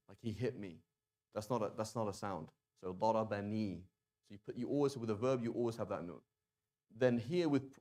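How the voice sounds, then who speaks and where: A man teaching a language class in a relaxed, chatty way, often stopping to sound out words slowly and restarting sentences. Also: mid-range voice. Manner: casual, conversational, with many fillers and restarts. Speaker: Arabic teacher. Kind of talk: classroom lesson.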